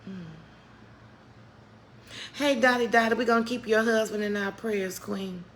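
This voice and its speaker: A woman's voice: fairly high pitch, fairly even intonation, unhurried, fairly bright tone, a little hiss or hum. A middle-aged woman giving a motivational faith talk on a live stream, preacherly and calling her viewers "baby". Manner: preacherly, calls viewers "baby", greets chat by name.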